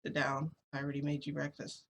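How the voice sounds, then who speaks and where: A young woman voicing a calm, possessive adult man in her retold story, speaking firmly and measuredly. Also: sits low, quick pace, a little hiss or hum. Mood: steady.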